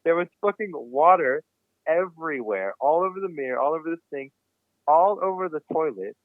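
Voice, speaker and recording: A man telling a wild story in a casual podcast chat, cursing freely and getting animated. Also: on the high side, normal speed, no echo. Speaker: podcast guest. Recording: dry, phone-like remote line.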